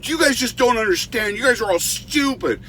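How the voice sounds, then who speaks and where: Arrogant whiny braggart, put on by a man: pitched high, indignant, ranting. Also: expressive, normal speed, bright, forceful tone, exaggerated voice, low-quality recording. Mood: indignant whine. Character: arrogant grown man bragging and whining over his sandcastle.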